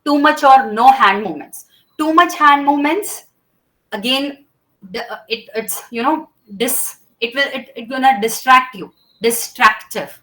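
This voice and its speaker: A woman's high, slightly bright voice moves at an unhurried pace as she teaches a class about gestures for public speaking. She demonstrates each gesture, explains it step by step, and keeps checking in with "okay?" The audio is rough.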